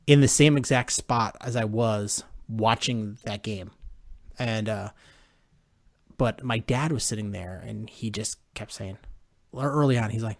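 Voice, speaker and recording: Male co-host at home, mid-pitched, animated storyteller, dead-dry mic. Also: dry recording. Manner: animated, halting retelling with restarts. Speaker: podcast co-host. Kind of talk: casual sports chat. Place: home room.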